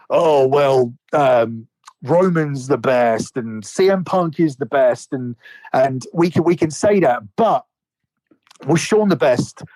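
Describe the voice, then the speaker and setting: A man's voice: fairly high pitch, a little mellow, no echo, poor audio. A man in casual podcast chat about wrestling, rambling and swearing a lot with many restarts. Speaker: podcast co-host.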